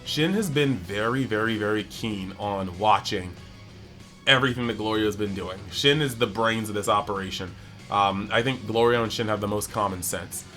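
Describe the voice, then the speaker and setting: A man's voice: on the low side, faint music behind. Chatty man breaking down an episode. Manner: animated, acts out characters' lines in quick bits; chatty, heavy use of "like". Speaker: anime review channel host.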